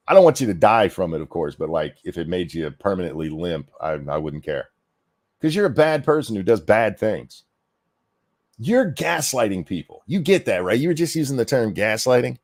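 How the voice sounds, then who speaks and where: A lower-pitched man rants through a reaction commentary, swearing freely and berating his target with sarcasm. His talk is blunt and mocking throughout. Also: big pitch swings, normal speed, darkish tone, no echo, clean studio sound. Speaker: commentary host.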